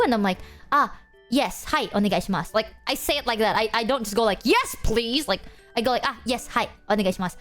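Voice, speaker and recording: A young woman streamer telling stories to her chat in a casual, animated way, acting out exchanges with bursts of Japanese. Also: fairly high pitch. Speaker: VTuber streamer.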